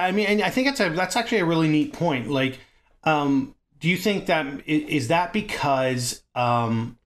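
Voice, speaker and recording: A man co-hosting a gaming podcast in casual chat, talking in an animated way, swearing freely and laughing often. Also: medium pitch. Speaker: podcast co-host.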